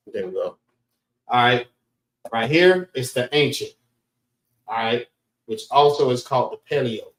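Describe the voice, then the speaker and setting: A man teaching an informal scripture class in a relaxed way, often saying "all right" between points. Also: medium pitch. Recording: roomy echo.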